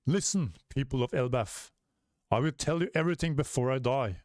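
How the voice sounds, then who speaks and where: A man's voice: medium pitch, lively intonation, moderate pace, a little mellow, dry recording, studio quality, natural voice. A man reading aloud the lines of a solemn elderly male giant elder addressing his people, in a grave, formal way.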